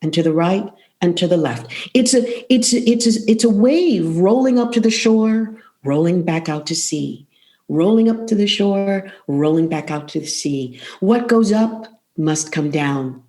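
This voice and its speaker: A middle-aged woman, a vocal coach, talking as a podcast guest in an expressive, rhythmic way, repeating phrases for emphasis. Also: lowish voice, unhurried. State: emotional, close to tears.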